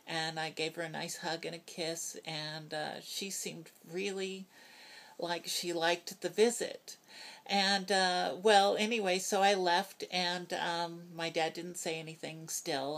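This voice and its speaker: An older woman telling a personal story into a phone, earnest and halting, with many fillers and restarts. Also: on the low side, a bit bright. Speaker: vlogger.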